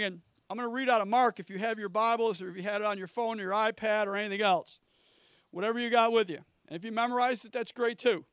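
A man preaching a sermon to a large church, swinging from quiet prayer to shouted lines. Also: very high-pitched, clean tone, no room sound, studio quality. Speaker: pastor. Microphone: handheld microphone.

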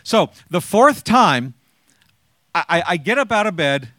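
A man's voice: high voice, big pitch swings, unhurried, bright, forceful tone, no room sound, clean studio sound. Joking storyteller man in his sixties. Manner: chatty, joking storyteller who acts out quoted lines. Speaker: speaker sharing his testimony. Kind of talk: personal testimony storytelling to an audience.

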